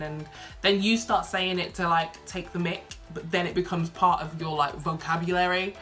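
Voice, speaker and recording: A woman's voice: fairly low pitch, lively intonation, moderate pace, sharp tone, soft background music. Chatty young Birmingham woman vlogging. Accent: Birmingham English, softened. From Birmingham, England. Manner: chatty, reads questions aloud then answers with many ums and likes. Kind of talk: casual Q&A vlog.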